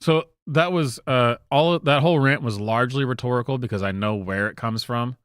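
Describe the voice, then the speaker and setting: Southern guy ranting on his channel, smooth clear voice, dry close sound, keeps restarting and going uh. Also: mid-range voice, fairly quick, fairly bright tone, dry recording. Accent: Southern American. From American South. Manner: exasperated and emphatic, with frequent restarts and fillers. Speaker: commentary channel host. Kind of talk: casual opinion rant.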